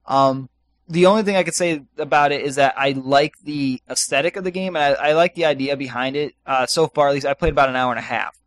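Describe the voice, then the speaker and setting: A man's voice: on the high side, fast, no echo. A man co-hosting a podcast, chatting casually and rambling with many fillers and restarts. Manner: rambling, lots of ums and restarts. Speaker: podcast co-host. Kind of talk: casual chat.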